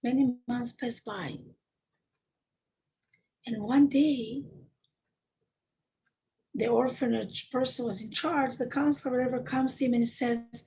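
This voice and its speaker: A woman, a rebbetzin, telling a story to a women's class in an emphatic, animated way. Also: fairly high pitch, measured pace, long pauses, low-quality recording. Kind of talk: storytelling talk.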